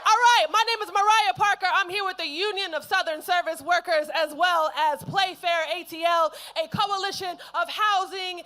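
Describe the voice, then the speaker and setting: A woman labor organizer speaking at a rally and shouting greetings to pump up the crowd. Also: very high-pitched, steady tone, moderate pace, few pauses. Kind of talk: rally speech.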